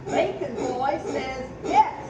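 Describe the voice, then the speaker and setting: Animated woman hosting a playful skit. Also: high voice, slow. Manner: animated, teasing, talks to stuffed toys. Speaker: community video host. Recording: echoey, dull, faint background noise.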